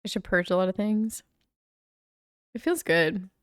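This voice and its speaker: A woman's voice: medium pitch, animated, measured pace, no room sound, studio quality. A young woman streamer chatting casually and relaxedly, with lots of "like" fillers. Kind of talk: casual livestream chat.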